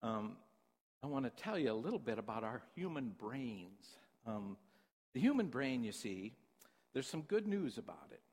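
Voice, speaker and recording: Animated male preacher in a reverberant hall. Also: mid-range voice, normal speed, husky. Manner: animated, conversational storyteller. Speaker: pastor. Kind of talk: sermon with storytelling. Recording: long reverb in a big hall.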